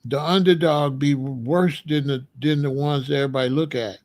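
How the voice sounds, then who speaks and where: A man's voice: fairly high pitch, steady tone, normal speed, darkish tone. A man giving a blunt, streetwise commentary monologue, repeating his points. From Chicago. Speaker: commentary host.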